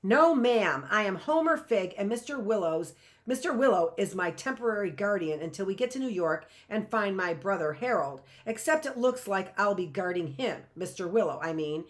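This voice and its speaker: A woman's voice: mid-range voice, lively intonation, moderate pace, lightly acted. A woman voicing a plucky, plainspoken young boy in a storybook reading. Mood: cheeky. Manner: frank, plainspoken.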